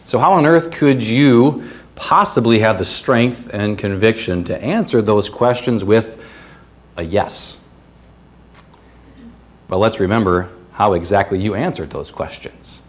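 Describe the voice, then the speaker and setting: A man's voice: lowish voice, a little slow. A man preaching a sermon as the pastor of a church, earnest and reading scripture, with playful asides and puns.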